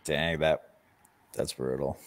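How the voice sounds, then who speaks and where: A man co-hosting a casual podcast, laying out his football picks in a measured, hedging way. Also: a bass voice, fairly even intonation, a crowd in the background. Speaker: podcast co-host. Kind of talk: casual sports picks chat.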